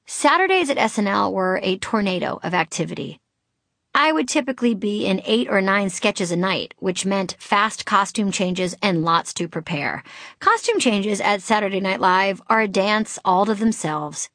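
A woman's voice: mid-range voice, normal speed, fairly bright tone, no echo, clean studio sound. A middle-aged woman from Boston reading her own memoir aloud, candid and wry with comic timing. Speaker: author narrating her memoir.

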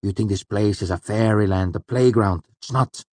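A man's voice: on the low side, moderate pace, no echo, natural voice. A man playing a curt, stern scholar. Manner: calm, curt, dismissive. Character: stern, cryptic male master of a university.

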